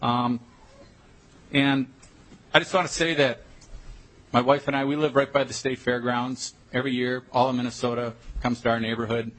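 A man giving public testimony at a committee hearing, earnest and halting. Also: medium pitch, flat delivery, a bit bright, low-quality recording.

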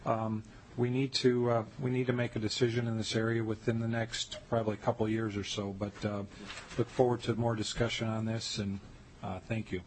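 A man's voice: on the low side, flat delivery, a little fast, a little mellow, a little hiss or hum, poor audio. A man giving formal closing remarks on his bill at a committee hearing. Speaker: legislator.

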